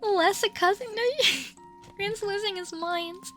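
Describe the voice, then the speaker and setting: A woman's voice: very high-pitched, fairly even intonation, slow pace, faint music behind. A woman streamer answering viewer questions in a casual, playful chat, laughing often.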